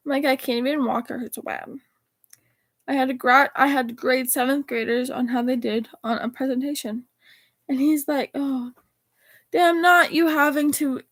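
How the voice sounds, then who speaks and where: A woman's voice: sits high, a bit bright, dry recording. A teenage girl casually reading her text messages aloud, rambling and swearing now and then. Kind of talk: casual chat reading out texts.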